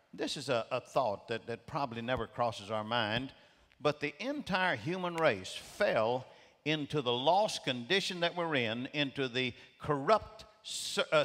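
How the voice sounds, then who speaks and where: A man's voice: mid-range voice, a bit bright. Emphatic male preacher in a reverberant hall. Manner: emphatic, repeats key phrases. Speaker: guest preacher. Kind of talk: sermon. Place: large church auditorium. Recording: long reverb of a large hall.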